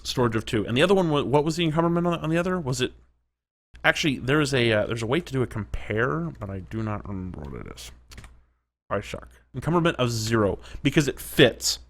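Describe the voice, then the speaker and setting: A man talks through his game as he plays, reacting aloud to each surprise. His voice sits in an ordinary middle pitch and is conversational, and now and then he hushes to a whisper. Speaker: gaming commentator. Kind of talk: let's play commentary.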